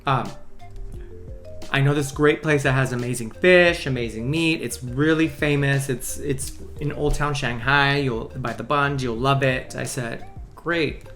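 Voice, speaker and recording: A woman hosting a podcast, telling an animated story in casual chat and laughing often. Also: very deep voice, a little slow, soft background music.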